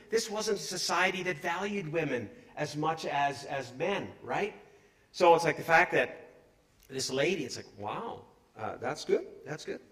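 A middle-aged man delivers a sermon in a lively, conversational way. His voice sits a little high and jumps between loud bursts and quiet asides. He keeps asking his listeners questions as he goes. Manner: animated, conversational, asks the congregation questions. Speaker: preacher.

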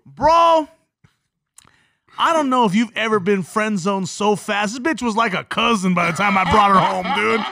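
Lively, bright-voiced comedian co-host. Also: male voice, sits high, moderate pace, vocal fry, no room sound, studio quality. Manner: animated, profane storytelling with frequent laughs. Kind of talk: casual podcast chat.

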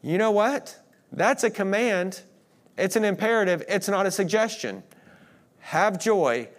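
A man preaching a sermon, earnest, swinging between emphatic declarations and hushed moments. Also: high-pitched, lively intonation, measured pace. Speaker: pastor.

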